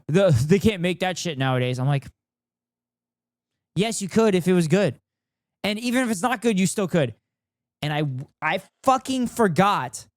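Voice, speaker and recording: A man's voice: a little high, a little mellow, no echo, studio quality. Profane ranting male streamer. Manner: profane, ranting, sarcastic, swears a lot. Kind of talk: casual stream chat, reacting and reading chat.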